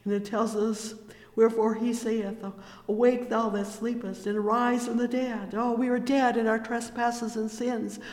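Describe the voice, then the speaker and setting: A preacher talks through a sermon at an unhurried pace, reading verses in old scripture wording. The delivery stays level, with little rise and fall. The voice rings out in a roomy hall with a long echo. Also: mid-range voice, little pitch movement, darkish tone. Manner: punctuates with "oh, yes" and "praise the Lord"; reads scripture in King James wording.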